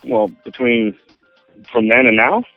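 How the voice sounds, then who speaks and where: A man's voice: mid-range voice, measured pace, dry recording. A man telling his story as an interview guest, rambling with many restarts and acting out quotes. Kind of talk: casual storytelling. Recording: tinny phone line, faint music.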